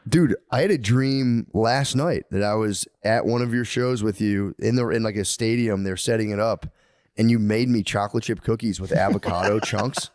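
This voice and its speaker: A man's voice: fairly low pitch, normal speed, a little mellow, no room sound, clean studio sound. A young man co-hosting a podcast, telling loose, profane stories and laughing a lot. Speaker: podcast co-host. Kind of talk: casual chat.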